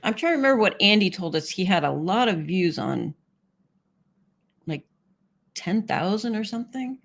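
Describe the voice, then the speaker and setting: A woman's voice: mid-range voice, big pitch swings, normal speed, creaky. A woman hosting a casual live stream, chatting with viewers, often laughing and reading their comments aloud.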